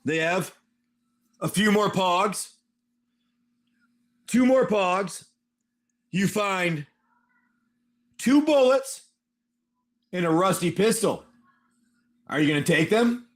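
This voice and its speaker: A man with a high-pitched voice hosts a stream and runs a tabletop game. His narration is animated and excitable. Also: slow, pauses often. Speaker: live stream host and game master.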